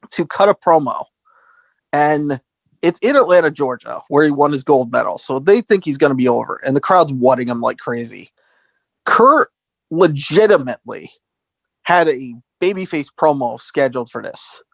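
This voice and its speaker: A man's voice: mid-range voice, moderate pace, gravelly, no room sound. A man co-hosting a podcast, chatting casually and acting out quotes as he retells wrestling stories. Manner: animated storyteller acting out quotes. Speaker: podcast co-host.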